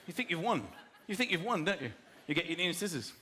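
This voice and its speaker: A man's voice: sits high, big pitch swings, fast, hardly any pauses, a little hiss or hum. A man with an English accent doing an exasperated stand-up routine, ranting and putting on mock voices. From England. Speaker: stand-up comedian. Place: large comedy venue with live audience. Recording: echoey venue, loud crowd laughter. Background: audience laughter.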